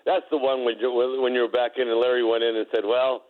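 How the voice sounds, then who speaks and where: A middle-aged former player tells stories from his career, often laughing and tripping over his own words. His voice sits at a middle pitch and comes through a dull, muffled phone-in line. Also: level tone, quick pace. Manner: laughing anecdotes, many restarts. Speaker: former basketball player, guest. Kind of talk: casual storytelling interview.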